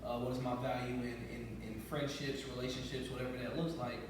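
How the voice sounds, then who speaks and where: A man's voice: medium pitch, flat delivery, fairly quick, slight background noise. A man hosting a casual group talk, joking and stumbling over his words as he introduces a guest. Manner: joking, loose, repeats words. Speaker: podcast host. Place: barbershop. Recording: echoey room, mic far off.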